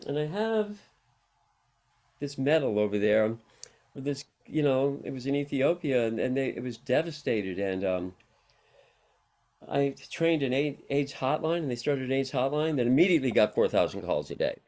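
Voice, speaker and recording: A man's voice: medium pitch, big pitch swings, moderate pace, a little mellow. A middle-aged man, a guest on an interview show, telling long rambling personal stories with frequent laughs. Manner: rambling, anecdotal, laughs often. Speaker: interview guest, harm reduction worker. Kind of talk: casual storytelling interview.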